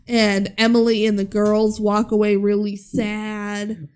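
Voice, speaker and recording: A woman's voice: mid-range voice, takes it slowly, clear, resonant tone. A young adult woman co-hosting a podcast, recapping a movie in casual chat and acting out the characters' lines. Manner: animated, acts out characters' lines. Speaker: podcast co-host.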